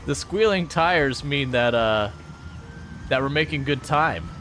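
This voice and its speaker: Over music, a gaming streamer with a medium-pitched, expressive voice chats slowly while playing a farming game. His casual commentary rambles, and he jokes and laughs a lot.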